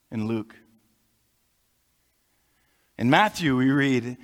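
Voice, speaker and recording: Pastor preaching in a reverberant hall. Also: male voice, mid-range voice, animated, a bit bright. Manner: explanatory, conversational preaching with pauses. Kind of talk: sermon. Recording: long reverb of a large hall.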